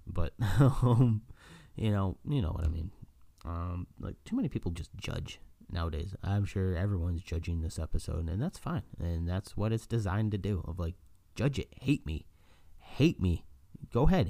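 A man's voice: low voice, dark tone, no echo, studio quality. A man hosting a podcast, talking in a casual monologue, telling stories animatedly, acting out other people's voices and laughing often. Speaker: podcast host.

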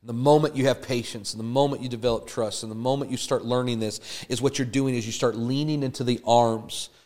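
A man's voice: medium pitch, darkish tone. A man preaching a sermon, building emphatic repeated lines that rise in fervor. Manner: emphatic, rising to fervent repetition.

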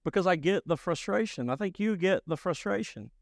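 A man preaching a sermon as pastor, emphatic and rising to loud bursts. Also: high-pitched, lively intonation, a little fast, vocal fry, no echo, clean studio sound.

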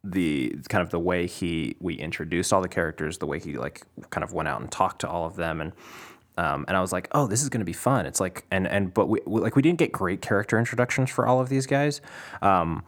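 A man's voice: low-pitched, expressive, brisk. A man co-hosting a podcast, talking casually and ramblingly about a movie with frequent laughs and restarts. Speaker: podcast co-host. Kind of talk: casual film review chat.

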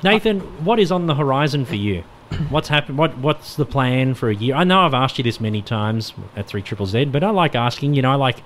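Podcast host, Australian man, animated and fast, chatty, laughs easily. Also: mid-range voice, a little hiss or hum. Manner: chatty, laughs often, repeats words when starting questions. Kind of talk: casual interview chat.

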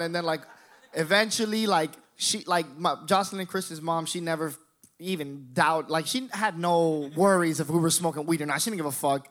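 A man in his twenties doing stand-up, telling a profane, animated story and talking straight to the crowd. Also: a little high, moderate pace. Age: 20s. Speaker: stand-up comedian.

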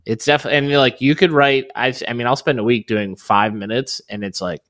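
A man's voice: mid-range voice, normal speed, a bit bright, no room sound. A man in his thirties talking casually as an interview guest, rambling with lots of filler words and restarts. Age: 30s. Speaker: podcast guest, real estate investor.

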